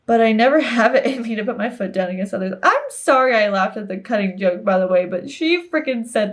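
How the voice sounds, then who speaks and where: A woman's voice: a little high, animated, fairly quick, hardly any pauses. A young woman giving casual let's play commentary, reacting to the story and laughing often. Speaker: gaming video creator.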